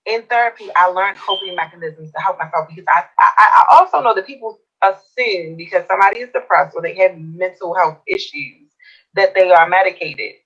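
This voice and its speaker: A woman's voice: on the low side, fairly quick, a bit bright, husky, muffled recording. A woman co-host earnestly explaining her views in a talk show discussion.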